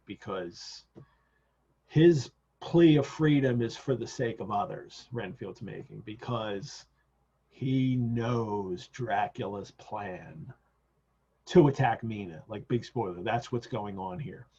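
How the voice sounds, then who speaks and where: A man's voice: on the low side, takes it slowly, darkish tone, breathy edge. A man hosting a casual discussion of a novel over a video call, talking with enthusiasm, wandering off on side points and filling gaps with ums. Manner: enthusiastic, digressive, many fillers. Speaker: host. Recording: dull lo-fi video call audio.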